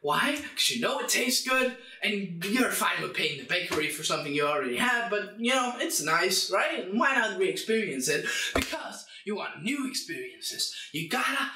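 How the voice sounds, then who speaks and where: Shouting, swearing young man. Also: high-pitched, big pitch swings, normal speed, few pauses, background noise. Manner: swears constantly, bursts into shouts. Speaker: channel host. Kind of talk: comedic profane rant. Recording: echoey room.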